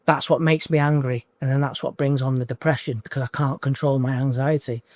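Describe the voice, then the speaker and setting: A man in his forties in an emotional interview as a coaching client, talking in halting bursts that repeat and restart. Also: mid-range voice, fairly even intonation, darkish tone, dry recording. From United Kingdom. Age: 40s.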